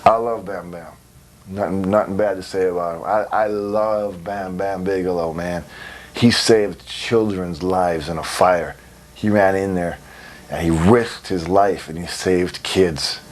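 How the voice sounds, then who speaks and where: A man's voice: low-pitched, a little slow. A man in his thirties giving a candid interview as a wrestler, telling stories bluntly with lots of swearing. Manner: blunt, animated storytelling with swearing and laughs. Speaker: interview guest, pro wrestler. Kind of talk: candid, profane interview talk.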